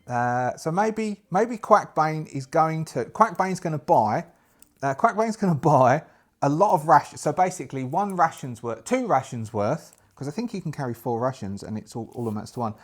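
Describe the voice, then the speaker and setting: A man talking through a solo tabletop game, thinking aloud and doubling back as he works out rolls. His voice sits slightly high for a man. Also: animated, normal speed. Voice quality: thinks aloud while rolling dice, stop-start restarts. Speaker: solo game player and narrator. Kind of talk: casual solo actual-play narration.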